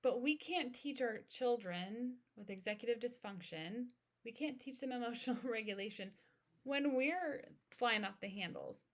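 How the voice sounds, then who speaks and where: A woman in her thirties hosting an educational podcast, speaking in a calm, steady, instructive way. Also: fairly high pitch, normal speed. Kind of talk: informational podcast monologue.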